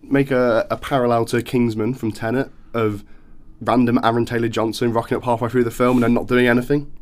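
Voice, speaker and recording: A man in casual film chat on a podcast, animated and acting out quoted reactions. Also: medium pitch, brisk.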